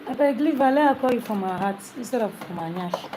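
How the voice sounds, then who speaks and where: A woman's voice: fairly high pitch, lively intonation, fast, background noise. Chatty woman vlogging at home. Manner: chatty, teasing, breaks into singing. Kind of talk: casual live-stream chat.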